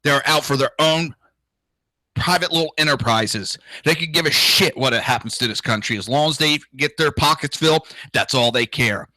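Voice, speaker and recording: A man's voice: a little high, normal speed, pushed and bright, no room sound, poor audio. A man hosting a political talk show, ranting crudely and indignantly, with profanity and mocking impressions of others. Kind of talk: ranting solo commentary.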